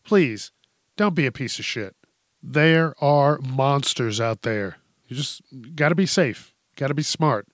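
A man's voice: medium pitch, animated, unhurried, no room sound, studio quality. A man hosting a podcast, telling a news story in a casual, profane way and often laughing. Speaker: podcast host.

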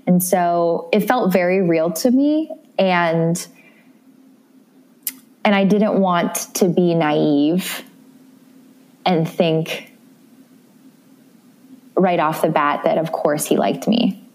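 A woman's voice: lowish voice, takes it slowly, long pauses, a little mellow. A young woman from the Midwest, a guest in a casual interview, speaking candidly and emotionally with many restarts. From American Midwest.

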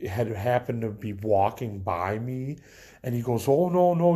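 A young man talks straight to his viewers, rambling through a countdown of his own stories. He fills every pause with like and you know and restarts his sentences often, and his voice sits at an everyday middle pitch. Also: dark tone. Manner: rambling, many fillers and restarts. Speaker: vlogger. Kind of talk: casual storytelling to camera.

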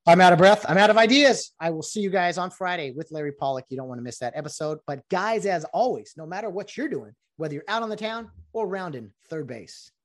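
A man's voice: a little high, expressive, a little fast, few pauses. A middle-aged man hosting a solo podcast, explaining rules in a chatty, rambling way with many fillers. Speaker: podcast host. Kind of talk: casual solo podcast talk.

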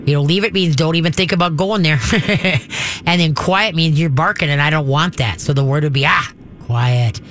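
A man with a fairly high voice hosts a call-in advice show as a dog trainer. He talks in a folksy, chatty way and often restarts his sentences. When he shows a command, he drops into a low, firm growl. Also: a little fast, fairly bright tone, slight background noise.

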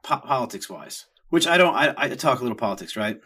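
A man's voice: medium pitch, expressive, fast talker, sharp tone, slightly rough. A middle-aged man, hosting a podcast in a crude, joking, rambling casual rant. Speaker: podcast host.

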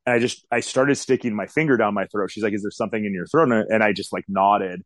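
Candid low-voiced man in his forties. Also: fast, no room sound. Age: 40s. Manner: candid, rambling with many fillers. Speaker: guest telling his story. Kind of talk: casual interview storytelling.

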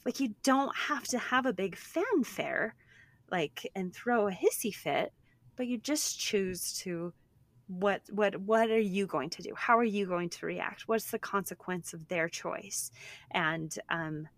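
A woman in her thirties co-hosting a podcast, chatting in a lively way, quick with restarts, a mother talking about her kids. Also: medium pitch, dry recording. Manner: animated, talks fast with restarts. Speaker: podcast co-host. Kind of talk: casual chat.

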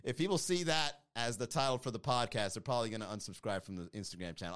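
A medium-pitched man talks fast and smoothly with few pauses while hosting a live-streamed podcast. Casual with viewers, he reads their comments to make fun of them, animated and joking in playful put-on voices.

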